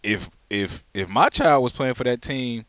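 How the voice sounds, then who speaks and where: A man's voice: medium pitch, lively intonation, measured pace, fairly bright tone, dry recording. A man co-hosting a casual sports podcast, talking emphatically and repeating himself as he argues a point. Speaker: podcast co-host.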